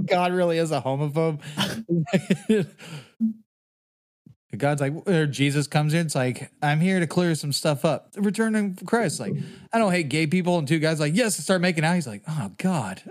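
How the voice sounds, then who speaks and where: A man with a somewhat high voice co-hosts a loose, casual podcast. He swears constantly, laughs often and tells his stories with lots of energy. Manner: profane, laughs often, animated storytelling. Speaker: podcast co-host. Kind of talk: casual chat.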